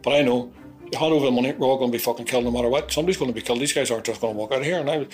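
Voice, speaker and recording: A Belfast-accented man tells a rough story in a blunt, profane rush, swearing freely and acting out other people's lines. His voice sits at an ordinary middle pitch. Faint music plays underneath. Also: very fast. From Belfast, Northern Ireland. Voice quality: blunt, profane, animated retelling with acted-out quotes. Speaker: interviewee recounting his past. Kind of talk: vivid storytelling, heavy swearing.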